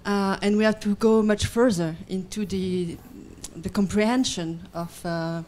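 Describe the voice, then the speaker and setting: Woman in an audience, careful and halting, mellow voice. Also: medium pitch, fairly even intonation. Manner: careful, halting, many fillers. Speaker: audience member. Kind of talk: asking a question at a conference. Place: conference hall.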